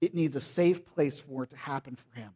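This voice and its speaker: A man's voice: medium pitch, brisk, mellow. A male pastor preaching a sermon in a casual, conversational way, often acting out the voices of people he quotes.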